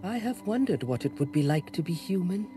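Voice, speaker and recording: A woman voicing a calm, dignified heroine in an animated series, measured and composed, with music behind. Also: on the low side. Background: music score.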